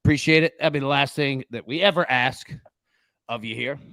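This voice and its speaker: A man hosting a sports betting show, talking in a casual, animated, joking way. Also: mid-range voice, brisk, no echo.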